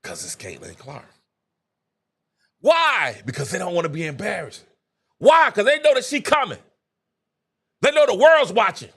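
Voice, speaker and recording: A man hosting a live sports talk show, excitable and chatty, breaking into laughter and acting out conversations as he talks. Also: high voice, normal speed, pauses often, slightly rough. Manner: excitable, laughs mid-sentence, acts out quoted exchanges. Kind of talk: animated live sports commentary.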